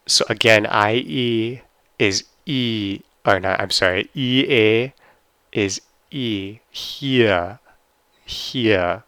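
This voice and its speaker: In a casual screen-recorded lesson, a man teaching German carefully sounds out words one by one with slow pronunciation. His voice is fairly low, sharp and clean, with no echo.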